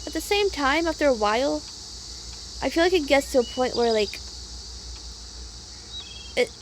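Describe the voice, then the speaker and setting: A young woman with a high voice vents in a rambling, casual monologue. She sounds upset and swears freely, with lots of fillers. Faint crickets chirp behind her. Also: a little hiss or hum. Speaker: vlogger.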